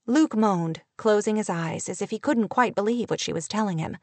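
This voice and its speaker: A woman reading a romance novel aloud in an even, measured storytelling voice. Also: medium pitch, dry recording. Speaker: audiobook narrator. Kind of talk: scripted narration.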